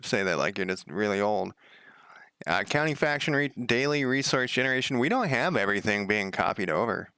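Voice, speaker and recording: A man's voice: on the low side, lively intonation, brisk, pushed and bright, clean tone, no echo, clean studio sound. A young man casually thinking aloud while coding on a stream, muttering to himself with wry asides and the odd swear. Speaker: game developer streaming.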